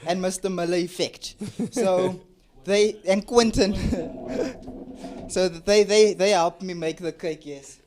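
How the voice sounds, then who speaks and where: A man's voice: high-pitched, fairly even intonation, takes it slowly, noisy background. A man co-hosting a casual chat, easygoing and laughing often. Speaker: co-host.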